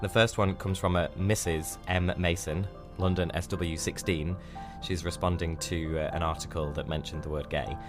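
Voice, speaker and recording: A male podcast host with a very low voice narrates from a script in a measured, explanatory way. Music plays clearly underneath him. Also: steady tone.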